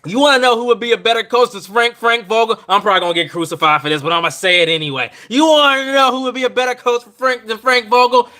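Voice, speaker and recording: A man's voice: extremely high pitch, fairly even intonation, fast talker, hardly any pauses, bright, forceful tone. A man hosting a live podcast stream, ranting about his team's coach in a rambling, exasperated way, repeating himself and trailing off. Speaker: podcast host.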